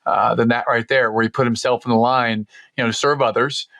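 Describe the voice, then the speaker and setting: A man's voice: mid-range voice, fairly even intonation, fairly quick, gravelly, a bit bright, no echo. A man hosting a podcast interview, affirming his guest with fillers. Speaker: podcast host. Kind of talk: conversational interview.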